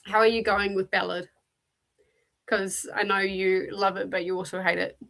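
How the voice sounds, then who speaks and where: A woman's voice: medium pitch, flat delivery, moderate pace, gravelly, fairly bright tone. A woman with a New Zealand accent, hosting a casual livestream and chattily greeting viewers by name as she answers the chat. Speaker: livestream host.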